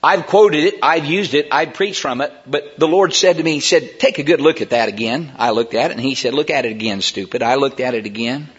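A man preaching a sermon in a church, emphatic and rising to near shouts on key words. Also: fairly high pitch, a little fast, few pauses, slightly rough. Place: church sanctuary. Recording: dull sound with long hall reverb.

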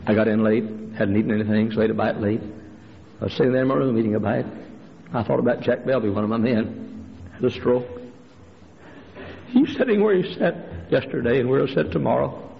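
Gravelly preacher man, fiery sermon. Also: brisk, long pauses. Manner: impassioned preaching, climbing to shouted refrains, dropping low for stories. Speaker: pastor. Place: church sanctuary. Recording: lo-fi recording with long hall reverb.

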